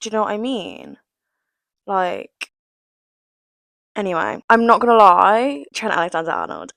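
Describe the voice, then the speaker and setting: A woman's voice: medium pitch, wildly swooping pitch, unhurried, gravelly, long pauses, fairly bright tone, no echo, poor audio. A young woman, chatting in a casual, self-deprecating way for a get-to-know-me vlog and often giggling. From England, West Midlands. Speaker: vlogger.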